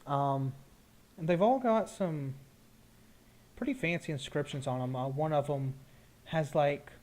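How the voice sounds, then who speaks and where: A man's voice: a little high, warm tone. Man running a casual tabletop game. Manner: casual, loose narration with fillers. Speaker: game master.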